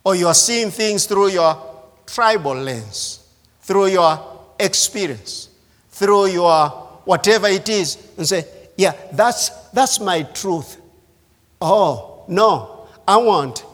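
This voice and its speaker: Man, pastor, sermon, unhurried emphatic delivery, repeats phrases, reverberant church hall. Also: sits high, lively intonation, a bit bright.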